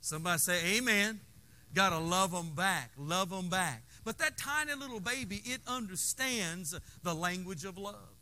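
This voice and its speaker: A man's voice: sits high, expressive, normal speed, pushed and bright. A man preaching a sermon in a folksy, call-and-response style, with playful asides to the congregation. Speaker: pastor.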